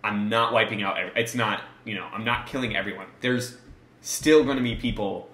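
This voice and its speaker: A man's voice: on the low side, a little fast, bright, forceful tone. A man co-hosting a casual podcast, talking animatedly and laughing often. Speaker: podcast co-host. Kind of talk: casual chat. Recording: roomy echoey room.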